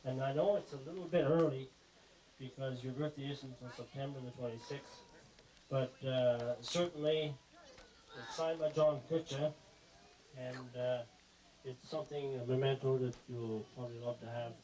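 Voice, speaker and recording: A middle-aged man presents to his family in a loose, joking speech, wandering off track and fixing his words as he goes. As the son giving the talk, he uses a mid-range, steady, warm voice at normal speed, on a rough recording.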